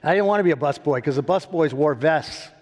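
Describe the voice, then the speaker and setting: A man in his sixties telling his story as a winery founder, animated and laughing often. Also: on the high side, brisk, in a large hall. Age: 60s. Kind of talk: storytelling interview.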